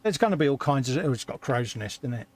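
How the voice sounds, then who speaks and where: A man's voice: medium pitch, expressive, fast talker, a loud crowd. A middle-aged man co-hosting a live hobby stream, easygoing and agreeable, reading out viewer comments between brief replies. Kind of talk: casual chat while building models.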